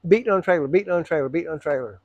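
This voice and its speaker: A man, a truck driver, telling a story casually to camera, animated and profane, acting out both sides of an argument. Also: a little high, rapid-fire, dry recording, dull audio.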